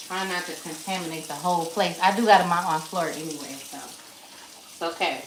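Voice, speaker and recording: Cooking at home while talking straight to her viewers as y'all, this vlogger keeps things casual despite being out of breath. Her lowish voice stays fairly even in intonation at a normal speed. The kitchen echoes, with running water, frying, and faint background noise.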